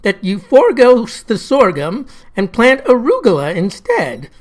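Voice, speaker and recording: A woman voicing an upbeat, persuasive woman politician, speaking higher and louder than her narration. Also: wildly swooping pitch, normal speed.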